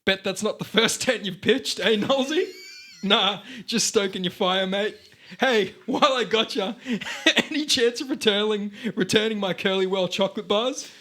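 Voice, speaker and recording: A man's voice: high voice, moderate pace, bright, forceful tone, voice pushed up. A man with an Australian accent putting on a crude, chummy middle-aged Aussie bloke with a teasing, matey manner. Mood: joshing. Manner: blokey, matey, teasing, laughing through lines.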